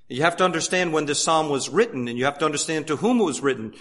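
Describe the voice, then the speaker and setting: A man preaching a sermon emphatically, asking many rhetorical questions and swinging from loud urging to hushed asides. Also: fairly high pitch, animated, fast, few pauses.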